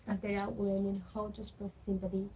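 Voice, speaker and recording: A young adult woman student reviewing what she learned in class, halting and searching for words, with frequent restarts. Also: mid-range voice, monotone, warm tone, slight background noise, low-quality recording. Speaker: student presenter.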